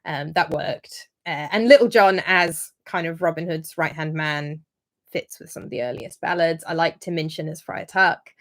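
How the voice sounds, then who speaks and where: A woman's voice: deep voice, moderate pace, fairly bright tone. A woman hosting a casual livestream review, talking in a chatty, rambling way with frequent ums and restarts. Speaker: historian livestream host.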